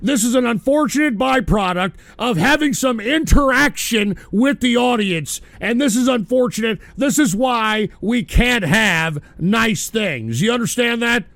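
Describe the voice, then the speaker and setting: Man, high gravelly voice, slow drawn-out delivery, shouting profane rant. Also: lively intonation, no echo. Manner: shouting, cursing, exasperated. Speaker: radio show host.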